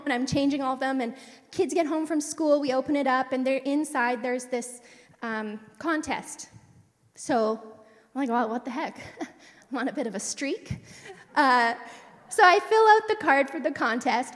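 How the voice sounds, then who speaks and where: A woman shares a personal testimony in a sermon setting, talking in a chatty, rambling way with frequent asides. Her voice sits fairly high, and the recording carries the long, lingering reverb of a large hall. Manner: chatty, digressive, warm storytelling with asides. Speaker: church speaker sharing a testimony.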